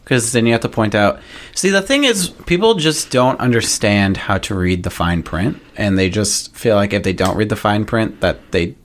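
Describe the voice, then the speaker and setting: A man's voice: lowish voice, expressive, normal speed. A man co-hosting a podcast, ranting emphatically about rules and customers in casual chat. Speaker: podcast co-host.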